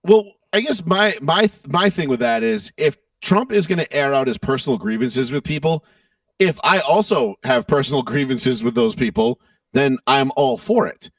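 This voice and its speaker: Brief: gravelly, lively male podcast co-host, profane and mocking, heard from a distance. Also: on the high side, normal speed, no echo. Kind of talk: casual political podcast chat.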